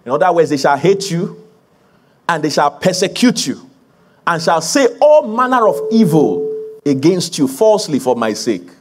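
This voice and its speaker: A male pastor delivering a sermon in a fairly high, husky voice. His pitch swings widely as he builds emphasis through repeated phrases, and he breaks into laughter with the congregation. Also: sing-song, moderate pace. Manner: preaching with rising emphasis and laughter.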